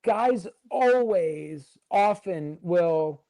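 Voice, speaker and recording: A man's voice: high voice, lively intonation, very slow, dark tone, dry recording. A man as a podcast guest, telling a long backstage story in a rambling, filler-heavy way and acting out what others said. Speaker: podcast guest, former wrestling writer. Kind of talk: casual storytelling interview.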